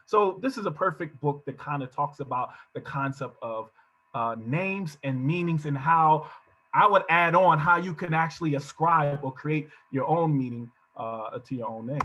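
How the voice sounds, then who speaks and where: Bright-voiced man telling stories on a call. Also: a little high, normal speed. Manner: storytelling, acts out quoted voices. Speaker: workshop presenter. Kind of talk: casual talk on online workshop. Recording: dull, lo-fi video call audio.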